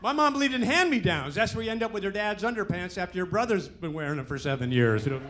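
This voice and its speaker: A middle-aged man doing a stand-up comedy set on a club stage, with punchy, animated delivery and a crowd laughing along. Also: sits high, fast. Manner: punchy, animated joke delivery with character voices. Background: audience laughter.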